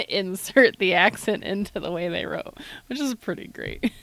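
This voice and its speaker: A woman's voice: mid-range voice, expressive, a little slow, gravelly, background noise. A woman streaming a game live, making giggly, self-mocking asides between reading lines. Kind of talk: live game playthrough commentary. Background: game music.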